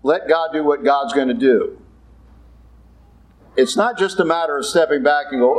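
A man with a fairly high voice preaching in a church. He talks plainly and bluntly, like a conversation, and slips into other voices for the people he quotes. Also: normal speed, pauses often, poor audio. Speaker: Catholic priest. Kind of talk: sermon.

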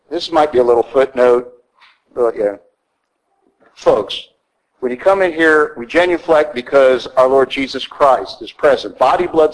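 A man's voice: fairly high pitch, gravelly, poor audio. A middle-aged male priest giving a blunt, conversational sermon in a church, often asking "okay?". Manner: blunt, conversational preaching with frequent "okay?" asides.

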